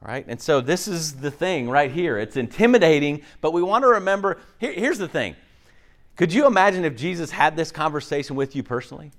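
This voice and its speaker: Male pastor, slightly higher voice, chatty sermon delivery, acts out quick voices, keeps checking in with the congregation. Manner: conversational, animated, acts out voices, frequent "okay?" and "right?".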